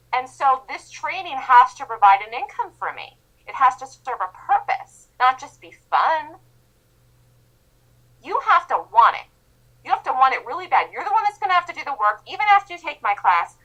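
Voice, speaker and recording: A woman's voice: high-pitched, sharp tone, lo-fi sound. A woman trading instructor giving a motivational lecture in an emphatic, insistent manner.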